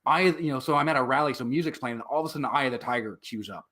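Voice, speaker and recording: A man's voice: medium pitch, racing, very noisy. Rambling, profane male interview guest. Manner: rambling, heavy with fillers and swearing. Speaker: interview guest, veteran and activist. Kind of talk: casual storytelling in an interview.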